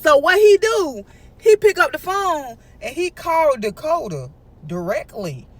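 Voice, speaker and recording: High-voiced woman telling a chatty storytime. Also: sing-song, measured pace. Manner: chatty, emphatic, lecturing asides. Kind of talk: casual storytime narration.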